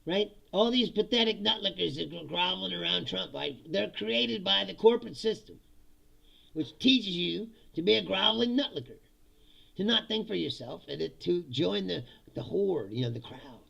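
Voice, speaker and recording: Gravelly, laughing man ranting. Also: sits high, animated, normal speed, sharp tone. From United States. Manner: laughs often, swears, acts out voices of others. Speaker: host. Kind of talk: casual comedic political rant.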